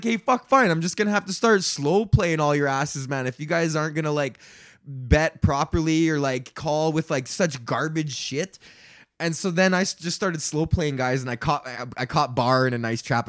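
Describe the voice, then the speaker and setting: A man talking alone on his podcast, telling long rambling stories full of swearing. His voice sits a little high. The delivery is loose, animated and casual. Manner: profane, rambling, animated storytelling. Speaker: podcast host. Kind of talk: casual solo rant.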